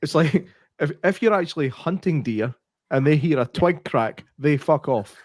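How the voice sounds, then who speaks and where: A man's voice: on the high side, expressive, moderate pace, dry recording, clean studio sound. A man co-hosting a podcast in casual chat, joking, swearing and laughing often, heard over a video call. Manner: jokey, sweary, laughs a lot. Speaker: podcast co-host.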